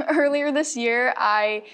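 A woman's voice: high-pitched, slow, fairly bright tone. A woman chatting casually with a wry tone. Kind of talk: casual chat.

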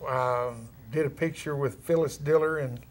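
A man's voice: mid-range voice, steady tone, normal speed. A middle-aged man with a thick West Texas drawl, a former rodeo cowboy turned actor, chatting in an easygoing, folksy way in an interview, with frequent chuckles and down-home words. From California. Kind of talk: relaxed interview chat.

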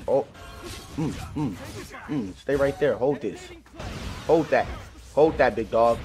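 A man commentating live gameplay on his channel, full of slangy trash talk, swinging from low mutters to excited yelling. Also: takes it slowly, pauses often, faint music behind. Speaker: gaming channel host.

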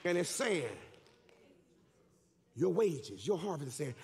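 A man preaching a sermon in a church, fervent and shouting with emphatic repetition. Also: fairly high pitch, big pitch swings, slow pace, pauses often, crowd noise, background noise. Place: church sanctuary.

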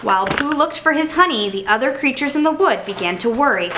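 A woman storyteller reading a children's storybook aloud in an expressive manner. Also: high voice, a little fast, noisy background. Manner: animated, expressive.

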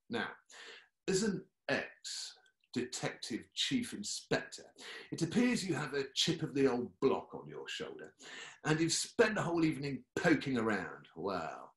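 A man puts on a dim, self-important British detective inspector who is officious and garbles his idioms. His voice rises and falls with lively pomp, and echo hangs around it. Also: medium pitch, unhurried. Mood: pompous. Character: pompous, clueless male police detective inspector. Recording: echoey room.

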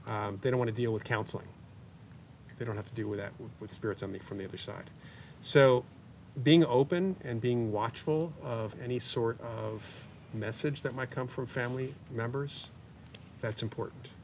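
A man's voice: fairly even intonation, normal speed, gravelly. A man in his sixties, a paranormal investigator guest in an interview, talking in a chatty, anecdotal way with joking asides. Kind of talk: interview conversation. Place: community media studio. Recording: distant mic with faint rumble.

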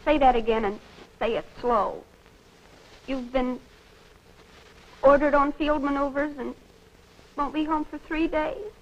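An actress playing a sweet, eager young newlywed wife in a 1940s film, talking in a gushing, affectionate way. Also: female voice, high-pitched, fairly even intonation, a little slow, long pauses. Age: young adult. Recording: dull old film soundtrack, faint hiss.

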